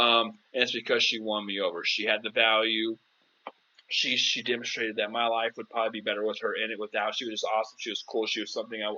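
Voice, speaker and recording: A man's voice: mid-range voice, bright, forceful tone, highs cut off. A man hosting a casual live-stream Q&A as a dating coach, chatty and playful, calling viewers "girl".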